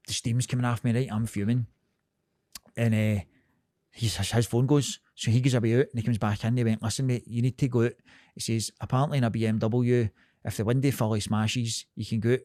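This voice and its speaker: A man's voice: mid-range voice, no echo, clean studio sound. A man in his thirties with a Scottish accent, co-hosting a podcast and telling a story in casual, sweary chat, laughing as he goes. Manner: lively, sweary, laughs through his stories. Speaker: podcast co-host.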